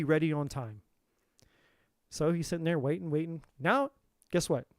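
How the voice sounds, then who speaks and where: A man with a slightly high voice tells a heated story on a live tarot stream. He swears freely and circles back over the same phrases as he builds his point. The sound is close and dry. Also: normal speed, long pauses, dry recording. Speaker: tarot reader. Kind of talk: live-stream spiritual talk.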